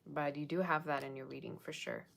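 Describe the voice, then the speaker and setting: A woman's voice: low voice, brisk, vocal fry, a bit bright, slight background noise. A woman giving a casual, rambling livestream tarot reading, chatting with viewers and thanking them by name. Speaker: tarot reader.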